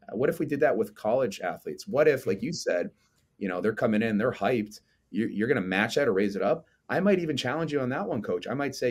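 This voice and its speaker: A man in his forties, a coach and lecturer, talking in a casual interview with an animated manner and frequent tag questions. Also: medium pitch, fairly quick, husky. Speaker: strength coach and lecturer, podcast guest.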